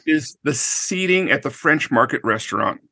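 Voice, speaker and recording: A man's voice: mid-range voice, animated, normal speed, vocal fry, pushed and bright, slightly rough, no echo, studio quality. A man on a podcast panel, hesitant, with many fillers and asides. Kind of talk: casual chat.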